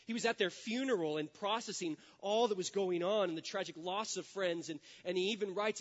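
A man's voice: high-pitched, a little fast, hardly any pauses. A man preaching a sermon in a church, telling a story in an earnest way. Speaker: pastor. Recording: dull sound with long hall reverb.

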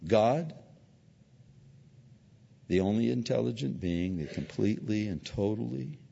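A male pastor preaching a sermon, animated and acting out little voices from his stories. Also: fairly low pitch, measured pace, creaky, breathy edge. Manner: animated, acts out voices in anecdotes. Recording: dull lo-fi audio with long hall reverb.

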